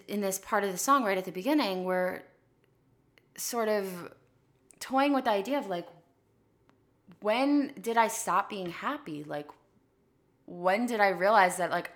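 A woman hosting a podcast, teaching a casual spoken singing lesson in a chatty, animated way with lots of "like" fillers. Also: mid-range voice. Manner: chatty and animated, drifts into short sung demonstrations; frequent "like" fillers.

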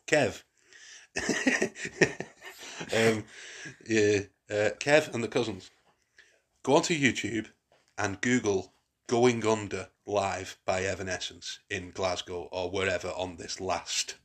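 A man's voice: low voice, fairly even intonation, slow, long pauses. A man hosting a casual podcast chat, rambling with frequent restarts and fillers. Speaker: podcast host.

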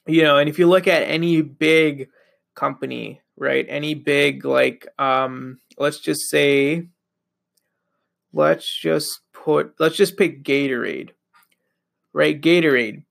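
Young man, podcast host, gravelly voice, slightly high pitch, rambling casual talk, lots of fillers, a bit sleepy. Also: a bit bright. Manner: rambling, loose, many fillers. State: sleepy, yawning. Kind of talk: casual solo monologue.

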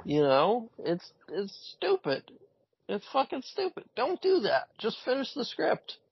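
A man co-hosting a casual podcast about comic-book films, animated and blunt, swearing often and repeating himself as he talks. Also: extremely high pitch, a little slow, vocal fry, husky, no echo. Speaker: podcast co-host. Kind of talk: casual chat. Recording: dull lo-fi sound.

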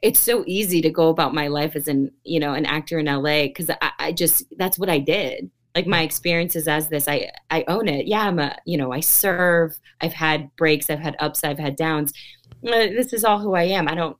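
A woman's voice: sits low, moderate pace. Bubbly woman talking as an interview guest. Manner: bubbly, laughs often, many fillers. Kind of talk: casual interview chat.

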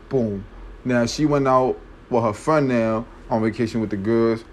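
A man's voice: mid-range voice, fairly even intonation, moderate pace, darkish tone, slight background noise. A man telling a story in a casual, slangy, rambling way, often checking in with his listeners.

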